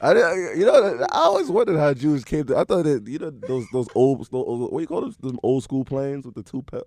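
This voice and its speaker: A man's voice: medium pitch, lively intonation, brisk, darkish tone. A man from Haiti hosting a podcast, chatting casually, joking and exclaiming often. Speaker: podcast host. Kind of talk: casual chat.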